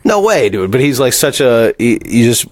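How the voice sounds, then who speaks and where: A man hosting a radio talk show, chatting casually and retelling movie scenes with animated energy. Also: mid-range voice, moderate pace, no echo. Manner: animated storyteller, acts out movie lines. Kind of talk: casual studio chat. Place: radio studio.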